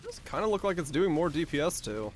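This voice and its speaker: Hoarse, raspy man streaming a game. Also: a little high, sing-song, quick pace, slight background noise. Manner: offhand, joking, rambling. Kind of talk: casual gaming stream chat.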